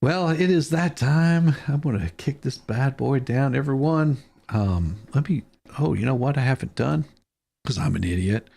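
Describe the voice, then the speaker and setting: A man hosts a casual live-stream chat, trading stories with easy laughter and loose swearing. His voice is gravelly and husky. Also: medium pitch, expressive, moderate pace, dark tone. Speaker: show host.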